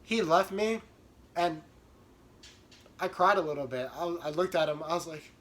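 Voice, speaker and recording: A young man telling a comic storytime about himself in an animated, self-mocking way. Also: fairly high pitch, normal speed. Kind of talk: comedic storytime.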